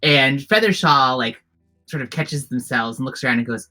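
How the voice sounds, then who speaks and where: A tabletop game master narrating the scene in a loose, rambling way, circling back and restarting as the scene unfolds. The voice is bright and forward. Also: mid-range voice, normal speed, faint music behind, rough recording. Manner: rambling, heavy with fillers and restarts.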